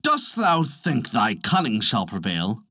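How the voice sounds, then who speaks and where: A man's voice: fairly low pitch, huge pitch swings, slow pace, pushed and bright, dry recording, clean studio sound, exaggerated voice. A man voicing a flock of indignant birds in a told folk tale, scolding in old-fashioned speech. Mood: angry. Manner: archaic, scolding.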